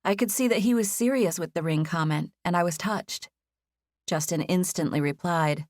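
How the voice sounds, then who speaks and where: A woman with a lowish voice reads a first-person novel aloud in a gentle, expressive way. The recording is close and dry, with no room sound, and she stays measured and warm in her storytelling. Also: no echo. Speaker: audiobook narrator. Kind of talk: scripted first-person narration.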